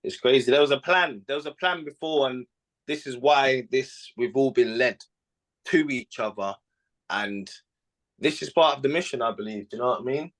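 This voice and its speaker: Emphatic, earnest male guest, mid-pitched voice. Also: normal speed, a bit bright, rough recording. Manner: earnest and emphatic, repeats himself. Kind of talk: casual chat.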